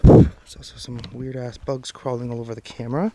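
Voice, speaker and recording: A paranormal vlogger films himself hurrying out of a forest at night, his mid-range voice brisk and level as he nervously narrates to viewers in the first person. He's jittery, sighing often, swearing and muttering under his breath. The handheld camera mic picks him up while he walks, with faint night forest sounds and rattling behind him.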